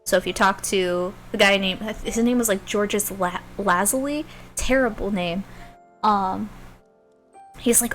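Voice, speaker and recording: A woman streamer casually recapping a video game, animated and freely swearing, telling it like a story. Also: mid-range voice, a little slow, faint music behind.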